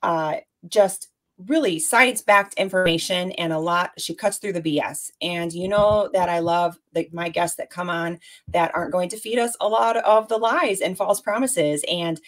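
A woman's voice: lowish voice, moderate pace. A woman in her forties hosting a casual podcast interview, bubbly and effusive, with plenty of fillers. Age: 40s. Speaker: podcast host.

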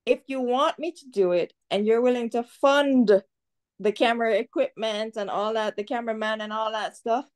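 A woman's voice: fairly high pitch, steady tone, moderate pace, a little mellow. A Jamaican woman talking bluntly and animatedly as an interview guest, swearing freely. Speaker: guest commentator. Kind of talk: outspoken interview talk.

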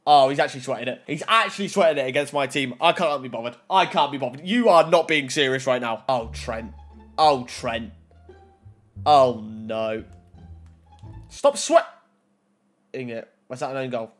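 A young man giving gameplay commentary on a football video game, excitable and talking straight to the game and his viewers. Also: mid-range voice, moderate pace, pauses often, soft background music. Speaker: gaming YouTuber.

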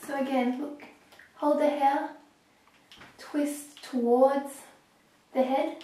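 A young woman talking through a hair tutorial step by step, a little hoarse as she is losing her voice. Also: sits high, fairly even intonation, mellow, far from the mic. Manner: chatty, explaining step by step with pauses. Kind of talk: casual how-to talk while working. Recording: echoey room, voice off-mic.

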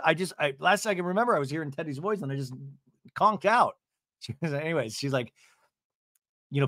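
A man hosting a podcast, recapping a TV episode in a sarcastic, animated way, often laughing and slipping into mock voices. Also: on the high side, brisk, long pauses, no echo, clean studio sound. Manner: laughs often while talking. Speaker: podcast host.

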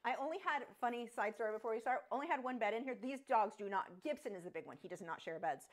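A woman hosts a live painting tutorial from her home studio, talking animatedly at a quick pace. She's chatty and rambling, often interrupting herself, and switches to a high sing-song voice when addressing her dogs.

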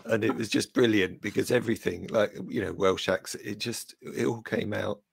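A man's voice: fairly low pitch, steady tone, moderate pace, vocal fry, breathy edge, no room sound. A man co-hosting a live online show, teasing and laughing in casual banter. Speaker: co-host.

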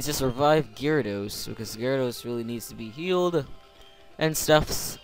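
A man's voice: mid-range voice, moderate pace, faint music behind. A young man commenting on a video game playthrough in a sarcastic, rambling, casual way. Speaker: let's play commentator.

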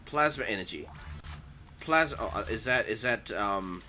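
A man's voice: lowish voice, expressive, unhurried, bright, forceful tone, a little hiss or hum. A man hosting a let's play, easily frightened and blurting nervous exclamations as he plays. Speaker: gaming channel host. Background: game music.

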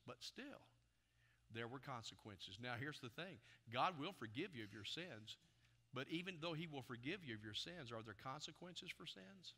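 A man preaching a sermon as pastor, with emphatic delivery that swells in loudness and keeps asking the congregation questions. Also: mid-range voice, normal speed. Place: church sanctuary. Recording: long reverb of a church hall.

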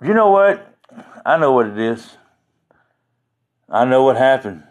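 A man's voice: mid-range voice, very animated, unhurried, low-quality recording. A man hosting a casual livestream, rambling from one joke to the next and chuckling often at his own stories. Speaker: livestream host.

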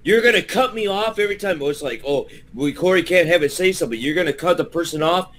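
A man's voice: fairly high pitch, fast, fairly bright tone. A man ranting angrily and profanely during a heated livestream argument. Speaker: streamer guest.

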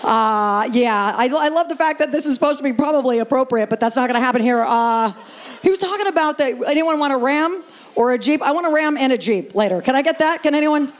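A woman's voice: high voice, lively intonation, a little fast. A woman doing a stand-up comedy set in a live venue, brash and playful, swearing freely and bantering with the audience on a stage mic. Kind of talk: stand-up set, crowd work.

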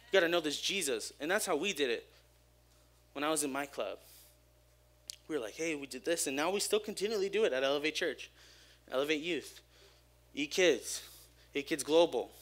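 Young man, bright voice, casual church sermon, lively and joking, open and personal. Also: a little high, moderate pace, long pauses. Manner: energetic, joking, openly personal. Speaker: church speaker. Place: church service.

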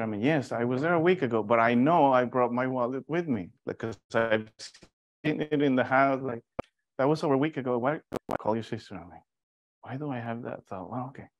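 A man from Mexico teaching an informal Bible study, telling stories in a lively, animated way with restarts. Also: medium pitch, no room sound, dull audio.

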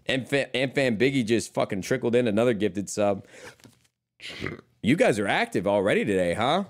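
A man's voice: mid-range voice, animated, moderate pace. A young man streaming live, chatting casually with viewers in a rambling way, swearing freely and calling them brother.

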